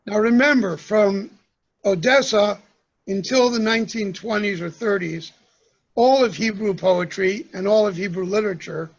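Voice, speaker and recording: A man lecturing to a congregation, speaking slowly and pausing often, with "um"s between his points. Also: sits high, vocal fry, husky, lo-fi sound. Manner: slow, measured delivery with pauses and fillers. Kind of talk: talk to a congregation.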